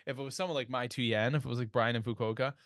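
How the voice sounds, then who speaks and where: A man's voice: medium pitch, steady tone, fast, a bit bright, no room sound, studio quality. A man with a Canadian accent hosting a podcast, telling stories in a chatty way with many restarts. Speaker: podcast host. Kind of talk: casual podcast chat.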